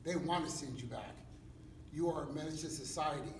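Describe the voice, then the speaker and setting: A man's voice: fairly high pitch, fairly quick, a little hiss or hum. A man, a pastor telling a dramatic personal testimony in street slang. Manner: animated storytelling in street slang. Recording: echoey hall from far off.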